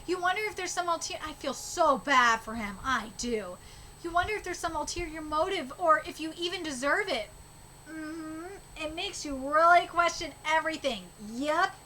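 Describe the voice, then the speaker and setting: Excitable high-voiced woman reacting to manga. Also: normal speed, a little hiss or hum. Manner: excitable, swears casually, gushes. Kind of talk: reading manga aloud with live reactions.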